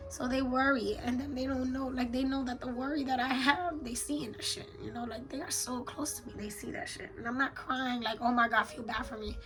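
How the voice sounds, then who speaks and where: A woman's voice: high-pitched, steady tone, brisk, few pauses, music in the background, rough recording. A woman in her thirties speaking in a candid confessional journal, weary and blunt, swearing often. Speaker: mother journaling on camera.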